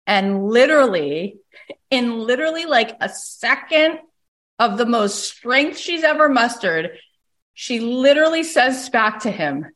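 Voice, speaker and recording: A middle-aged woman coaching a caller, telling a story with emphatic, lively delivery and frequent "like". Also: a little high, normal speed. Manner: animated storyteller, emphatic, uses "like" often. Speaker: host, coach.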